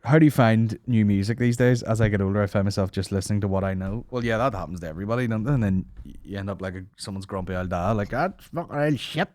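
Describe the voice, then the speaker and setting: Sweary podcast host. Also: male voice, lowish voice, fairly even intonation, quick pace, few pauses, a little mellow, no room sound, studio quality. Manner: sweary, rambling, joking. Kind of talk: casual comedy banter.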